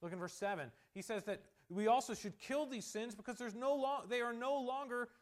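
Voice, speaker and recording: High-voiced preacher with emphatic delivery. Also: male voice, brisk. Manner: emphatic, swings from soft asides to loud stressed points; joking asides. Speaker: pastor. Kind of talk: sermon.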